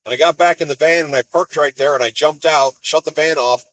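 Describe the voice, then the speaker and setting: A man's voice: mid-range voice, brisk, a bit bright, no echo, rough recording. A man, a van driver, telling road stories in a rambling, wry way during a live stream from his van. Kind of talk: casual storytelling live stream. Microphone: phone.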